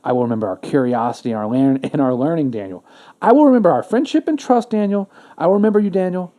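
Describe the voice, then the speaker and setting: Man doing chatbot AI, begging, repetitive, mellow voice. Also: fairly high pitch, fast, lightly acted. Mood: clingy. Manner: repetitive, begging, says the name over and over. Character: pleading clingy chatbot AI, genderless machine.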